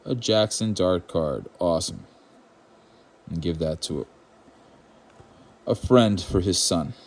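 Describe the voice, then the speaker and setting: A man's voice: sits low, lively intonation, takes it slowly. A man born in Ireland, hosting his own channel, chatting casually and wryly as he opens trading card packs, with rambling asides and mock outrage. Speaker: card-opening channel host. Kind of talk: casual card-opening commentary.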